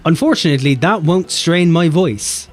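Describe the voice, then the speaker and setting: A man with an Irish accent, chatting playfully on a game live stream and jumping between deep and high voices. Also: lively intonation, moderate pace, faint music behind. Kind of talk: casual live-stream chat.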